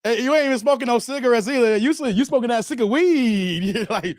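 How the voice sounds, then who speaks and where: A man hosting a casual livestream chat, talking in an animated, slangy, rambling way and laughing often. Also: very high-pitched, quick pace, hardly any pauses, no echo, studio quality. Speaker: show host.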